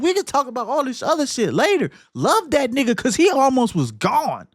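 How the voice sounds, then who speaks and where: A man hosting a podcast, talking casually and emphatically about a film, cursing freely and swinging between loud outbursts and low muttering. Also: wildly swooping pitch, moderate pace, hardly any pauses, dry recording, clean studio sound. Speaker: podcast host.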